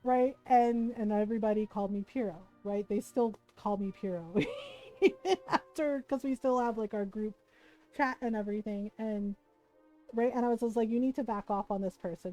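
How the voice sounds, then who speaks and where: Mellow-voiced woman telling a story. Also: a little high, low-quality recording. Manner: chatty, keeps asking "right?", laughs often. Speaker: livestreamer. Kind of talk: casual storytelling chat.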